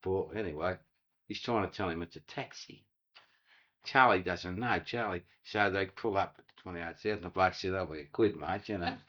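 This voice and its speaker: A man's voice: low-pitched, normal speed, fairly bright tone. An older Australian man telling oral history stories, acting out voices and swearing casually. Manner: yarn-spinning, acts out quoted voices, casual swearing. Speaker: interviewee, retired waterside worker. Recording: dull lo-fi archive tape.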